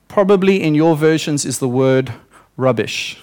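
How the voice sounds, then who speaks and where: A man's voice: a little high, normal speed, a little mellow. A young male preacher giving a sermon in church, telling stories with acted-out quotes and voices.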